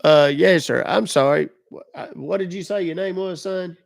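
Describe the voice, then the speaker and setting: Folksy gullible old man, gravelly, slightly high, dry close mic; a man puts him on. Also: normal speed, dry recording. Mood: confused, aggrieved. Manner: rambling, country turns of phrase. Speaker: scam baiter.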